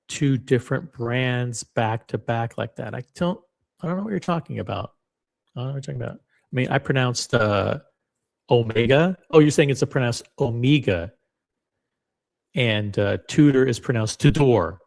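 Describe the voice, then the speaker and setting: A man hosting a live commentary stream, reading out chat with dry, sarcastic, rambling asides. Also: medium pitch. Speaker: livestream commentary host.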